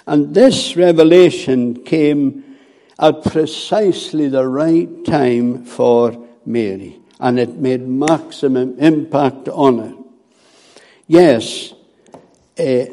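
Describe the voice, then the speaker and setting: Guy preaching real slow, very dark mellow voice, lots of ums and ehs. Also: mid-range voice. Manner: slow and deliberate, with hesitant fillers. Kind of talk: sermon.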